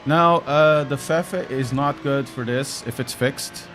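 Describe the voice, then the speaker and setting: A man's voice: medium pitch, takes it slowly, a bit bright, faint music behind. A young man with a Portuguese accent from Portugal, chatting casually to his stream chat while sim racing, wry and talkative.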